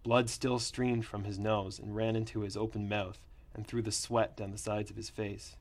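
A man narrating a first-person story in a plain, steady reading voice. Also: on the low side, normal speed, few pauses.

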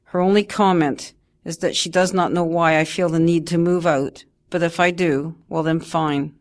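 A woman narrating her memoir in first person, in a measured, steady way. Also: fairly low pitch.

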